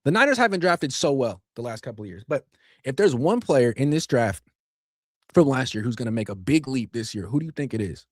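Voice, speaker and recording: Male sports podcast host, mid-pitched, punchy and sarcastic, spikes up high to make a point; dry, close-miked read. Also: a little fast, no echo. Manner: animated, sarcastic, swings loud for emphasis. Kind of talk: opinionated solo sports commentary.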